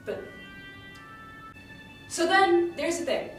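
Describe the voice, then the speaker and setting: A woman's voice: very high-pitched, big pitch swings, slow pace, faint music behind. A woman telling a story in character in a chatty, indignant way, full of fillers and restarts. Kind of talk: in-character monologue retelling a tragedy. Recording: echoey room, distant mic, faint ambience.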